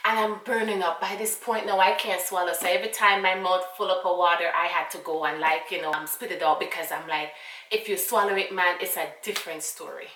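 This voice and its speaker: A Jamaican woman tells a casual storytime, animated and full of asides. Her tone is bright and clear. The room is echoey and she sits a little away from the mic. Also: on the low side, fairly quick, distant mic, slight background noise. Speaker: vlogger.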